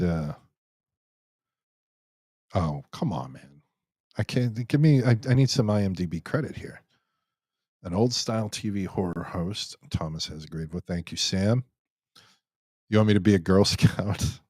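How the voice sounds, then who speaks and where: A man hosts a live Q&A stream, chatting casually while reading out viewer comments, rambling, joking, and restarting often. His low, slightly mellow voice is unhurried, with long pauses and no room sound.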